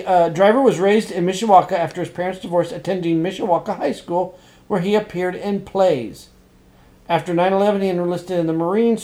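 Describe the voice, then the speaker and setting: A man co-hosting a casual podcast about upcoming movies, excitable, swinging from quiet asides to loud outbursts. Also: high-pitched. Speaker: podcast co-host.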